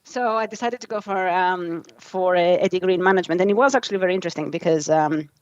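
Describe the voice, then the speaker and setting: A woman's voice: fairly low pitch, quick pace, no echo, highs cut off. A woman around forty from Greece with a Greek accent, a guest telling her story in casual chat with many ums.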